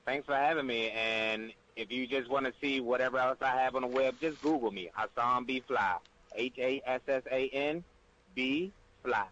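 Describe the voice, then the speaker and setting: A man guests on a radio talk show in an easygoing, chatty way, signing off and spelling his name. His voice sits in an ordinary middle pitch. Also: normal speed, fairly bright tone, muffled recording. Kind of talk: casual chat.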